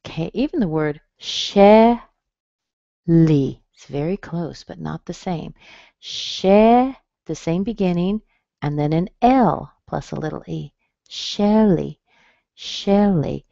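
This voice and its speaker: An American woman teaching pronunciation in a webinar lesson, speaking slowly and clearly and modeling sounds. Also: lowish voice, expressive, dark tone, no room sound, lo-fi sound.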